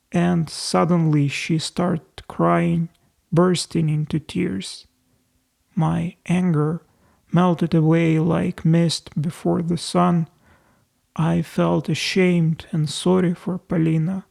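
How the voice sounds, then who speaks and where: A man reading a novel aloud as an audiobook narrator, in slow, deliberate storytelling. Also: fairly high pitch, flat delivery, gravelly, darkish tone.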